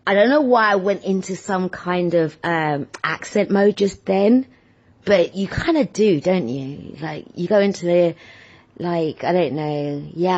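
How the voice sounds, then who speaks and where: A woman vlogger telling everyday stories in a rambling, animated, self-deprecating chat. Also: fairly low pitch, slightly rough. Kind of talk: casual chatty monologue. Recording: dull lo-fi sound.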